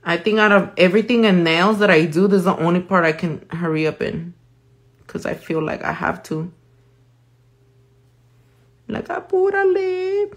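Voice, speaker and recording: Her voice is lowish and steady, and she talks fairly quickly. This nail artist runs a live tutorial, chatting easily with viewers, swearing freely, and switching back and forth between English and Spanish.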